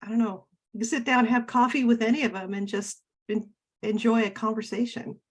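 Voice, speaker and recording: A woman's voice: on the high side, fairly even intonation, a little fast. Chatty woman from Oregon. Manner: warm, chatty and reminiscing, with fillers and restarts. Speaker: guest author. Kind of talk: casual interview chat.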